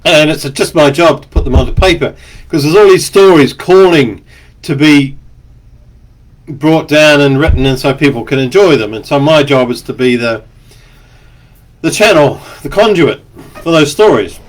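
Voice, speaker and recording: A man's voice: fairly high pitch, expressive, moderate pace, pauses often. A man, an author, talking in a rambling, chatty monologue, stopping now and then to cough. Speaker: author and speaker. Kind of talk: casual spoken monologue.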